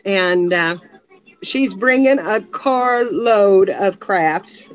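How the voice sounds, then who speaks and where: A woman's voice: medium pitch, very slow, low-quality recording. A woman in casual chat on a live video call, rambling a little and laughing often. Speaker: guest on a craft live stream.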